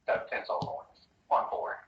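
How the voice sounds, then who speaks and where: A man's voice: unhurried, lo-fi sound, slight background noise. Echoey, distant man running a tabletop game. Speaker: dungeon master.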